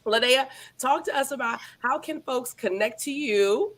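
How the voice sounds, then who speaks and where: A woman hosting a lively live-stream author chat, bubbly and playful. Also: high-pitched, moderate pace. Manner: lively, animated, playful Southern-style banter. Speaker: host.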